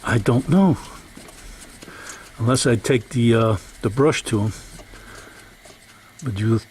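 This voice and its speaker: A man's voice: mid-range voice, slow, darkish tone, a little hiss or hum. Folksy older man rambling in his workshop. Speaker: home mechanic vlogger. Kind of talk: casual workshop vlog.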